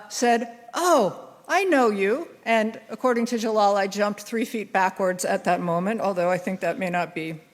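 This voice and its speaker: A woman in her sixties presenting an award on stage, reading a formal tribute with frequent "uh" pauses. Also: mid-range voice. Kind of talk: formal award citation speech. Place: large hall on stage. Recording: hall reverb.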